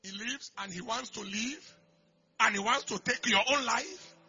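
A man preaching a sermon, moving from quiet storytelling to loud shouted declarations. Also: very high-pitched, measured pace, breathy edge. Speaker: pastor. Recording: dull lo-fi recording with faint music.

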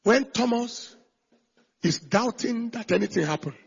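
High, raspy, emphatic male pastor. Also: expressive, a little slow, dull audio. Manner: emphatic, swings between shouting and hushed asides. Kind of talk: sermon.

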